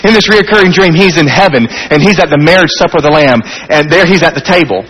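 Husky-voiced man preaching a sermon. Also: fast, long reverb tail, rough recording. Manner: earnest, swings from high animated to soft intimate. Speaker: pastor. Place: church.

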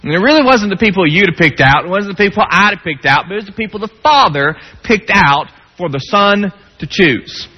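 A man's voice: animated, brisk, slightly rough. Preaching man in a reverberant hall. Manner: dramatic, swings between hushed low tones and raised pleading. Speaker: pastor. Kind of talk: sermon. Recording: dull lo-fi sound with long hall reverb.

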